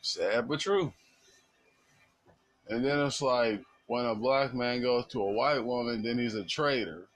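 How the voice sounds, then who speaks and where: A man's voice: medium pitch, a little slow, low-quality recording. A man giving an impassioned, blunt monologue in casual speech with slang.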